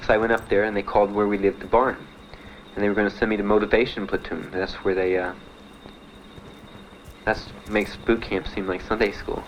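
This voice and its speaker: This young Miami veteran, an American, speaks fairly quickly in a level tone, his voice on the low side, as he gives candid testimony about his own life, blunt and matter-of-fact with dry laughs. The recording sounds muffled, with slight background noise.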